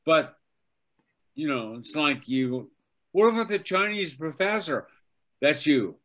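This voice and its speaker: Older man, interview guest, lively swooping pitch, unhurried delivery. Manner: animated anecdotes, acts out quotes. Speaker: voice actor and teacher, guest. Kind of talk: casual interview storytelling.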